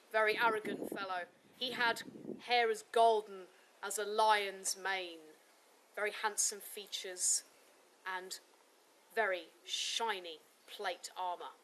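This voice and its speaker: A woman narrating a folk tale in a lively, expressive way. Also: medium pitch, low-quality recording. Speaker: storyteller. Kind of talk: live storytelling narration.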